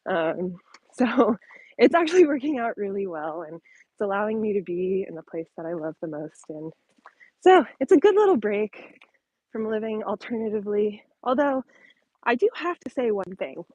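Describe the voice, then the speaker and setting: Her medium-pitched voice is a little mellow and slightly rough, with lively intonation and a moderate pace. She's hosting a casual live-stream Q&A from a phone held at arm's length while out on a trail with her dog, slightly winded, chatty, laughing lightly and using plenty of ums and likes. The sound is dull, with no room sound.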